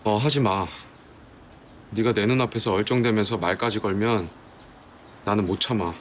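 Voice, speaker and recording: A man's voice: fairly low pitch, racing, a little hiss or hum, close to an everyday voice. An actor playing a young man who bluntly tells his ex-girlfriend to keep away, in a curt, blunt TV drama scene. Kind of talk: TV drama dialogue.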